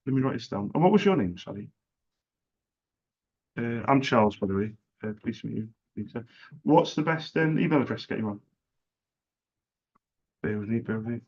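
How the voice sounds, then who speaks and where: A man who runs a small business, chatting casually and making a sales call, earnest and repeating himself as he talks. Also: mid-range voice. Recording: dull lo-fi recording.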